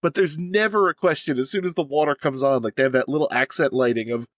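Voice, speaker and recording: A man co-hosting a podcast, lively and quick to laugh and chime in. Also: on the high side, dry recording, studio quality. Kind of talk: casual podcast chat.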